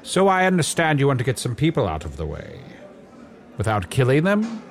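A man's voice: medium pitch, wildly swooping pitch, brisk, noisy background. A man playing a pompous bumbling wizard. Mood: smug. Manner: pompous, indignant. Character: pompous clumsy male wizard in a poncho. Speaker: player character.

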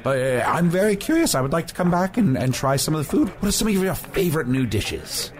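A man's voice: a little high, big pitch swings, fairly quick. A man voicing a pompous male fantasy wizard who talks in grand, archaic phrases in an improvised comedy podcast. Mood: eager.

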